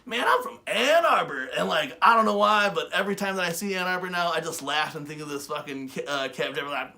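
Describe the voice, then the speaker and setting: Animated storytelling man, slightly high voice. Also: fast talker. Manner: animated, swearing, loud bursts when excited. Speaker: webshow co-host. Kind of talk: casual storytelling chat.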